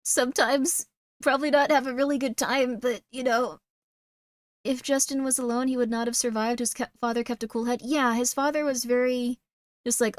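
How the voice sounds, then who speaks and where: Young woman, streamer host, rambling casual commentary, slightly high voice, dry close sound. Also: fairly even intonation, normal speed, no room sound. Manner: rambling, chatty, filler 'like'.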